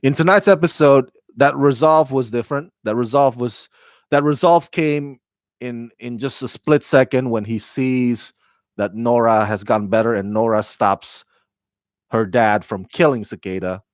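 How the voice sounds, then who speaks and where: A man's voice: mid-range voice, a little slow, dry recording. A man hosting a casual spoken TV review, talking in a rambling, chatty way with fillers and self-corrections. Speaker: TV review host.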